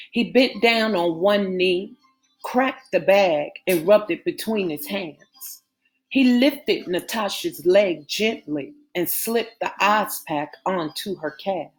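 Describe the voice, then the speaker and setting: Slow, low-voiced woman narrating a novel. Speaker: audiobook narrator.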